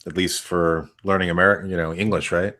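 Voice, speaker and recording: A man with a low but bright, forceful voice hosts a relaxed chat and reads out viewer questions. He hesitates often, with ums and restarts. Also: a little fast. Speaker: host reading viewer questions. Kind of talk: casual chat.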